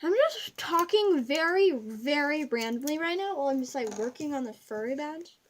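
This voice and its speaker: A woman's voice: high-pitched, animated, moderate pace, background noise. A young woman at home giving a rambling, giggly craft tutorial that keeps drifting off topic. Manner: rambling, giggly, easily sidetracked. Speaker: craft video maker.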